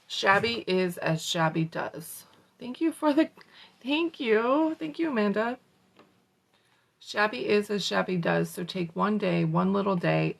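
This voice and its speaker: A woman's voice: on the low side, gravelly, poor audio. A woman hosting a morning motivation show, reading a self-help book aloud with casual, salty asides. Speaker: motivational host.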